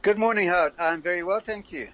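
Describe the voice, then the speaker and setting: An older man, a former community leader, explaining current affairs in a measured radio interview, often restarting his sentences. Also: sits high, a bit bright, muffled recording.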